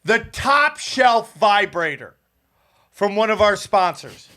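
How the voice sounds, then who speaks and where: A man with a notably high voice hosts a podcast and spins a long anecdote. He swears freely and keeps the story rolling in relaxed, chatty talk. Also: takes it slowly. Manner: profane, animated anecdote-telling. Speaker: podcast host. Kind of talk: casual storytelling chat.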